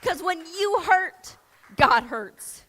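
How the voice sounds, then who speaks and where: Woman pastor, high bright voice, emphatic sermon that sinks into hushed prayer. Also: lively intonation, extremely slow. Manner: emphatic preaching that drops to soft prayer.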